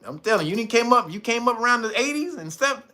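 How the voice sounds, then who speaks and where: A man in his forties hosting a casual monologue, animated and emphatic, often laughing and swearing. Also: very high-pitched, quick pace. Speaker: channel host.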